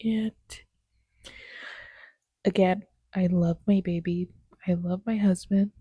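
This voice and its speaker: Slow, soft-spoken sad young woman. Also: on the low side, steady tone, husky, dry recording, muffled recording. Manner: slow, soft, halting with many fillers and pauses, often near a whisper. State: sad, tired after crying. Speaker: vlogger and new mother. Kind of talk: personal vlog, candid talk to camera.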